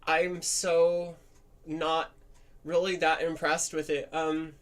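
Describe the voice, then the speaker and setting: A woman venting in a candid personal vlog monologue, in a softened, practiced feminine voice that is slightly nasal, blunt and rambling with fillers. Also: low-pitched, little pitch movement, slow pace. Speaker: vlogger.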